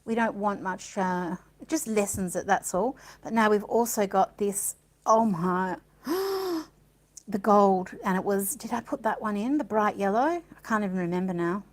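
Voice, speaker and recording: A woman's voice: medium pitch, moderate pace, few pauses, poor audio. A woman giving a casual art demonstration, chatting and thinking aloud as she works, with delighted little gasps. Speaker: art supplies presenter.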